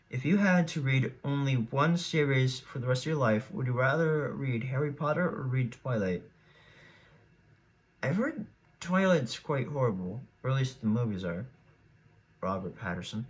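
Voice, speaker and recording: Thinking out loud through each decision, a teenage YouTuber gives rambling, casual solo commentary with many restarts. He has a mid-range voice.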